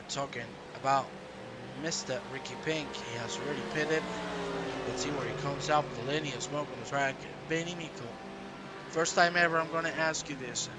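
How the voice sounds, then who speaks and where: A man calling a live sim race, animated and jokey, hyping up the viewers. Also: on the high side, very noisy. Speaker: lead sim racing commentator.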